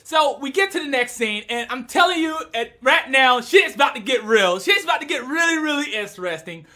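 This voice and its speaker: Young woman reviewer, bright and forceful, slangy and animated, prone to shouting when excited. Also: high voice, brisk. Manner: slangy, retells scenes with quoted lines. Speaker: manga reviewer. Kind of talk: casual video review.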